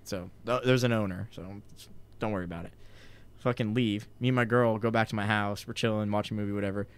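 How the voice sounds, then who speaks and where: A man's voice: lowish voice, steady tone, fast talker, clean tone. A young man in his twenties telling a long, rambling, profane story in casual chat, full of "like" and "dude". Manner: rambling, profane, heavy on filler "like".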